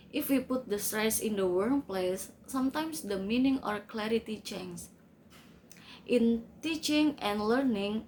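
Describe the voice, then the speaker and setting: A woman reading a class presentation slowly and carefully, with small grammar slips. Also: medium pitch, a little mellow, a little hiss or hum, low-quality recording. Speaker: student presenter.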